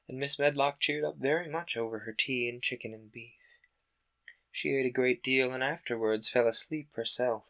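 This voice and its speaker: A man host reading a classic children's book aloud in a calm, steady narration. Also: medium pitch. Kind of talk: audiobook-style narration.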